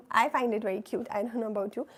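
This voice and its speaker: A woman with a slightly high, steady, fairly bright voice that's a touch rough speaks a little quickly. She's leading a live online beginner French class, patiently repeating phrases for learners to echo back and checking in with "right?" and "oui?".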